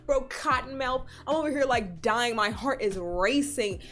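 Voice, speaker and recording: Animated young woman telling a story. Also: moderate pace. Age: young adult. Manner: animated, swearing, jumps into high squeals when retelling. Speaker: vlogger. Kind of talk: storytime vlog.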